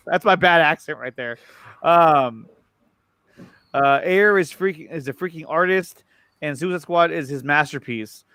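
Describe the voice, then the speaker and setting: A man hosts a loose, excited chat with a fairly high voice. He trips over his words and restarts his sentences as he talks. The sound is dry and close. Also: no room sound. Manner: excited, repeats words, quick stammering restarts. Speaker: show host. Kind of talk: casual chat about movie news.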